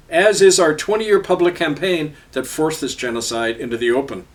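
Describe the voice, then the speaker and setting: A man's voice: a little high, expressive, brisk, few pauses, distant mic. A middle-aged man reading his own column aloud with a sardonic, biting delivery.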